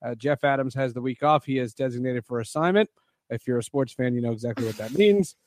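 A man's voice: medium pitch, darkish tone. A man hosting a podcast, chatting casually and joking with his co-host. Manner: joking, quick banter.

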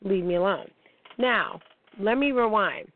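A woman's voice: mid-range voice, a little slow, no room sound. A woman talks straight through her story with lots of fillers and plenty of cursing. Her voice sits in a middle range. It comes over a thin, phone-like line with no room sound at all. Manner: frank and profane, many fillers. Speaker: host of a personal talk show. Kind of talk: candid storytelling monologue. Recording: tinny phone-like sound, dry.

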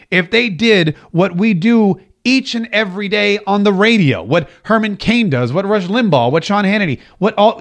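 A man hosting a political podcast and radio show, giving emphatic commentary and repeating phrases for stress. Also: a little high. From United States.

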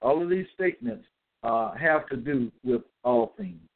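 A man delivering a scripture-citing monologue, reading out verse references and pausing to ask "okay?" as he goes. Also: on the high side, very animated, gravelly. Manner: deliberate, checks in with "okay?"; spells out capitals, hesitant fillers. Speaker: self-styled religious teacher. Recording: tinny phone-like audio.

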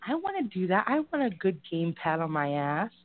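A woman on the low side of pitch, very animated and a little fast, co-hosts a casual live talk show in a Boston-area Massachusetts accent. Rambling, frank and giggly, she comes through on tinny, phone-like audio.

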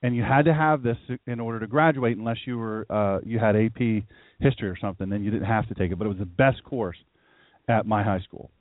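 A man's voice: on the low side, brisk, no echo. A middle-aged man, a pastor hosting a live radio show, preaching in a conversational way and repeating phrases for emphasis. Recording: dry, tinny phone-line sound.

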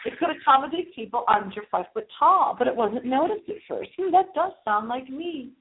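A woman's voice: sits high, animated, moderate pace, a little hiss or hum. Theatrical woman host, tinny phone-like sound. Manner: theatrical and playful, with big swoops in tone. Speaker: host of a paranormal talk show. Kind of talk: casual solo show monologue.

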